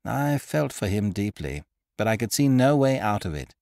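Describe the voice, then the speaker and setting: A man narrating a classic story as a podcast host, with expressive, scripted storytelling on a studio microphone. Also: on the low side, normal speed, no echo.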